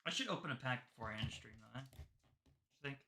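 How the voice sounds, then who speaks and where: A woman's voice: very deep voice, expressive, quick pace, noisy background. A woman hosting a casual livestream, chatting in slang and cooing baby talk at a dog. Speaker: livestream host opening trading cards. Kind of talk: casual live-stream chat.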